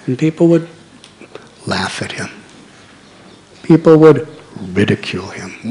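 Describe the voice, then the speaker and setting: A man's voice: medium pitch, animated, measured pace, long pauses, mellow. A man, telling a story in a sermon with dramatic swells. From United States. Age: 60s. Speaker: monk preacher.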